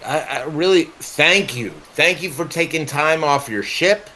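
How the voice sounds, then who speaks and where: Relaxed man hosting community radio. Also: a little high, unhurried, slight background noise. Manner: relaxed, hesitant, thankful. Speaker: radio host.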